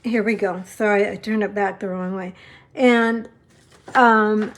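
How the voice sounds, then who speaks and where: A woman's voice: medium pitch, steady tone, a little slow. A middle-aged woman chatting through a live papercraft demonstration, rambling and openly thankful to her viewers. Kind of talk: live-stream craft demo chat.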